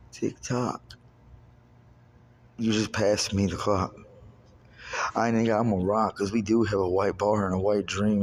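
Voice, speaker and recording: Here a thirtysomething from Kentucky talks to his own recorder, his lowish voice carrying over slight background noise. He curses freely, hops from one idea to the next, and keeps slipping into loose rhymes and wordplay.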